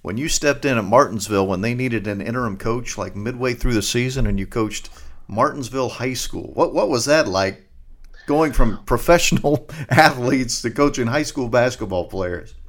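A man interviewing a guest, asking a long question with fillers and pauses. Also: mid-range voice. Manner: hesitant, fillers while asking.

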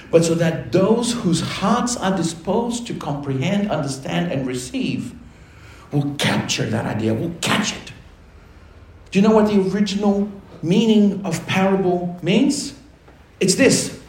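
A man preaching a sermon as pastor, animated and putting questions to the congregation. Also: a little high. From Australia. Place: church. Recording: echoey church hall with faint ambience.

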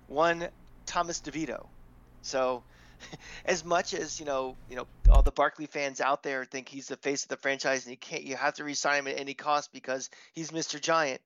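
A man's voice: medium pitch, fairly even intonation, moderate pace, a bit bright, no echo. A man co-hosting a sports podcast in casual chat, rambling with lots of "you know", with a light Long Island accent. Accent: mixed Long Island and Florida. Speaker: podcast co-host. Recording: slightly dull lo-fi mic.

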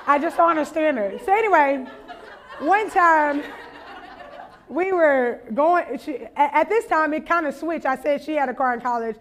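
High-voiced woman preaching with stories. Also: moderate pace. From Louisiana. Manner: animated, laughing, acts out voices in anecdotes. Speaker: conference speaker. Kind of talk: storytelling sermon.

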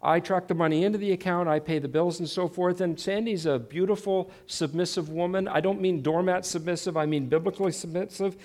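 A man's voice: high voice, fairly even intonation, brisk, few pauses, darkish tone. A middle-aged man telling a personal story in a sermon, poking fun at himself and acting out the dialogue. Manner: self-mocking, dramatizes quoted dialogue. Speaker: Christian speaker.

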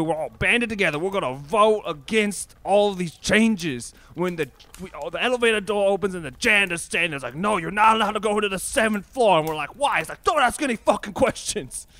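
A man playing an excitable, shady tenant. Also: high voice, no room sound. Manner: excitable, chuckling storyteller. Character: shady male tenant hiding a meth lab. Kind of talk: improv comedy monologue.

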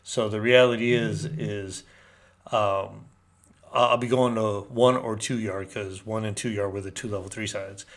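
A man's voice: fairly low pitch, steady tone, measured pace. A man from Northern California telling a rambling personal story in casual, slangy street talk. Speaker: storyteller recounting prison life.

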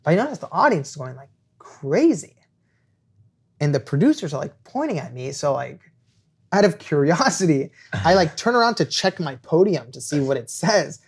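A young man, a podcast guest and author, telling an animated anecdote and acting out quoted lines. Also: a little high, normal speed, husky. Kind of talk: storytelling anecdote.

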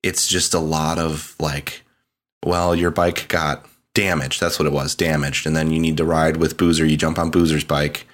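A man's voice: very deep voice, level tone, normal speed. A man co-hosting a casual gaming podcast, retelling a game's story and breaking into laughter as he goes. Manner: laughing storyteller, retells game dialogue in mock voices. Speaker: podcast co-host. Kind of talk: casual chat.

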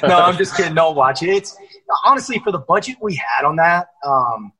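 Husky, energetic young actor. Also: male voice, a little high, normal speed, poor audio. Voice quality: energetic, swears casually, lots of fillers. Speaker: actor guest. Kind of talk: casual podcast chat.

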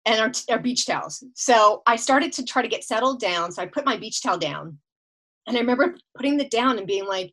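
A woman telling a long personal story in casual chat, acting out her own lines with bursts of shouting and laughter. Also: fairly high pitch, expressive, fairly quick. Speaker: guest storyteller.

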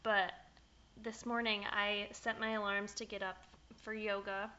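A woman's voice: medium pitch, level tone, a little slow, bright, forceful tone. A young woman co-hosting a podcast, chatting casually and playfully. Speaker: podcast co-host. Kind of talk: casual chat. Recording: dull, lo-fi podcast audio.

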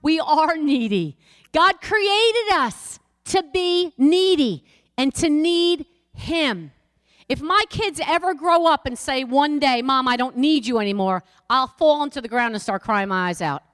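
A woman's voice: high-pitched, lively intonation, takes it slowly, fairly bright tone. A middle-aged woman pastor preaching a sermon, emphatic and repeating lines for the congregation. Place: church sanctuary. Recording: long church hall reverb.

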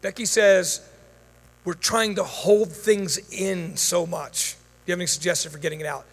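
A man's voice: high-pitched, fairly even intonation, moderate pace, husky. A man preaching and praying over a congregation, fervent and commanding in prayer, chatty in his asides. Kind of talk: sermon with prayer and Q&A. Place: church hall before a congregation. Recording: long reverb of a large hall.

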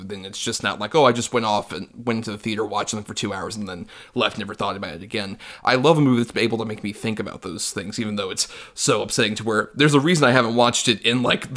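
A man's voice: fairly low pitch, a bit bright. A man co-hosting a film discussion podcast, talking casually and profanely and steering the conversation to each guest's final thoughts. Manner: profane, reflective, steers the talk. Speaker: podcast co-host.

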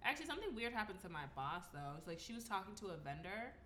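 A woman's voice: mid-range voice, big pitch swings, fast, sharp tone, a little hiss or hum. A woman in casual chat who speaks bluntly and swears freely. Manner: blunt, profane, matter-of-fact. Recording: roomy echo.

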